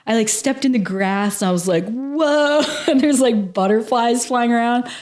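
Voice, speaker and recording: At a normal speed, a woman with a fairly high, slightly mellow voice shares a personal story on a podcast. The casual interview has her sounding earnest and emotional, using "like" constantly.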